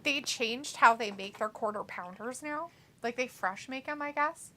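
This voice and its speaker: A woman's voice: a little high, normal speed, bright, forceful tone. A woman co-hosting a casual wrestling watch-along live stream, chatting and reading viewer messages aloud in a jokey way.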